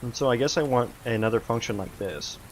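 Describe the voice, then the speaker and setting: Casual male streamer, mid-pitched, muttering through his code at home. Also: slight background noise. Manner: rambling, self-talking, halting with fillers. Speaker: game developer streaming his work. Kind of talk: casual livestream, thinking aloud while coding.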